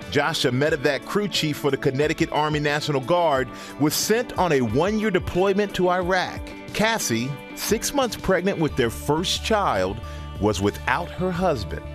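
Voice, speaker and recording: A man hosting a live morning TV show and narrating a report, upbeat and animated. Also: fairly high pitch, normal speed. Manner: upbeat, animated, often laughing. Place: TV studio with live audience. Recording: studio with audience and music bed.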